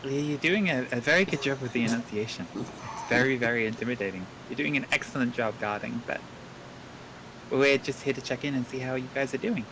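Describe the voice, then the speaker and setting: A man playing a character in a tabletop game, calm and reassuring. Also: medium pitch, brisk. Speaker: player. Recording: clear background noise.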